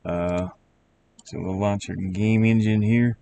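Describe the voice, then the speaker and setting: A lower-pitched man with a Southern drawl talks loosely as he works through a live stream. He rambles and restarts phrases in a relaxed, unscripted way, with a faint noise underneath. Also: vocal fry. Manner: rambling, halting, restarts words. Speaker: game developer streamer. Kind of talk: casual live-stream chat while working.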